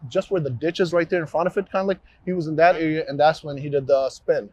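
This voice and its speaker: Cop guy walking investigators thru the scene outside, kinda halting, keeps restarting. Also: a little high, fairly even intonation, darkish tone. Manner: halting, repeats and restarts phrases. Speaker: police officer. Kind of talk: on-scene walkthrough interview. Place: outdoors by a roadside.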